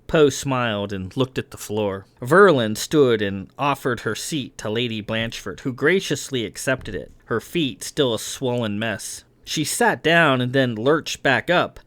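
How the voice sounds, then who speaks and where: Man, audiobook narration, steady even delivery, mid-pitched voice, dry close sound. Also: measured pace, hardly any pauses, no room sound. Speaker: author and reader.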